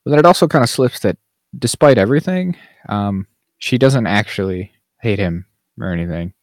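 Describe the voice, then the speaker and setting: A man's voice: lowish voice, lively intonation, moderate pace, dry recording, studio quality. A man co-hosting a podcast, chatting casually about a TV show in a rambling way, with lots of fillers and restarts. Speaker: podcast co-host. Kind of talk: casual chat reviewing TV.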